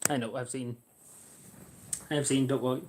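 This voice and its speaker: A man's voice: mid-range voice, steady tone, moderate pace, slight background noise. Rambling Irish man chatting. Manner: rambling, hesitant, swears casually. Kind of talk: casual livestream chat.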